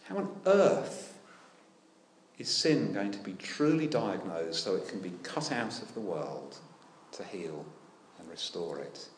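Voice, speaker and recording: A man preaching a sermon, animated and full of rhetorical questions with dry humour. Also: sits low, a little slow, echoey room, slight background noise. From United Kingdom. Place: church.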